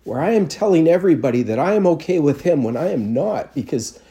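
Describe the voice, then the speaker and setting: A man's voice: a little high, animated, quick pace, mellow. A man, a pastor, preaching a sermon in a conversational storytelling way with self-deprecating humor.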